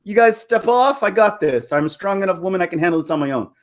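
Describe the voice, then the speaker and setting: A man's voice: sits high, animated, quick pace, voice pushed up. A man voicing a defiant young woman who insists she is strong, in a sassy, mocking impression.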